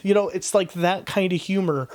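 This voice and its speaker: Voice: medium pitch, fairly even intonation, moderate pace, a little mellow. Book reviewer, 20s: frank, profane, rambling casual delivery. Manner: blunt, frank, swears freely; rambling, with restarts and fillers.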